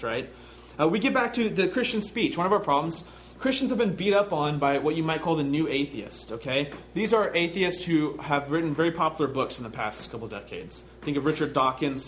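Male preacher, higher-pitched voice, conversational sermon delivery with emphatic reflective passages; faint background ambience. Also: slight background noise. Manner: conversational, with tag questions to listeners. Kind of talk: sermon with scripture reading.

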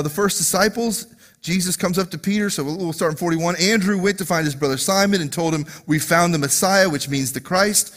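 Lead pastor, male; high-pitched, animated storyteller style sermon. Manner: animated, acts out scenes in quiet asides.

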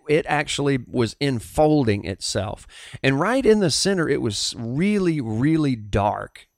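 A middle-aged pastor with a Southern US accent tells a personal testimony in an earnest, halting storytelling manner. His mid-range male voice is captured in a dry, studio-quality recording.

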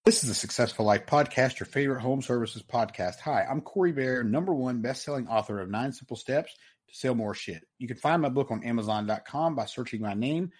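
A man with a Southern US accent hosting a podcast with energetic, hyped-up salesman delivery. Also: medium pitch, brisk, slightly rough. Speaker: podcast host.

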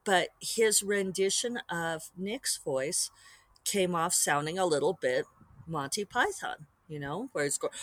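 A woman author talking through her work on her own podcast in a chatty, rambling way, with quick asides. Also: on the low side, lively intonation, fairly bright tone, no echo. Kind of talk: casual solo podcast monologue.

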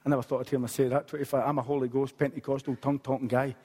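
A man's voice: mid-range voice, level tone, rapid-fire, warm tone, breathy edge. A man, preaching a sermon as a pastor and telling a story with humorous asides. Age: late 40s. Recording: long hall reverb.

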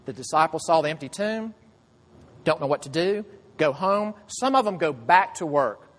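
Male pastor, fairly high voice, conversational sermon storyteller, long hall reverb. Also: animated, moderate pace, fairly bright tone. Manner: conversational storytelling with rhetorical questions.

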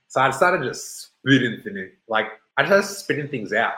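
A man's voice: mid-range voice, moderate pace, few pauses. A man from Melbourne in his thirties, telling a rambling personal story with lots of swearing and acted-out quotes. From Melbourne, Australia. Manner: rambling, animated, swears freely, acts out quotes. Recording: roomy echo.

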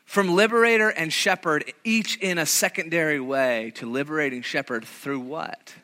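A man preaching in a bright, high voice. He tells the story with animation, acts out the voices he quotes and often restarts his phrases. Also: normal speed. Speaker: pastor. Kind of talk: sermon.

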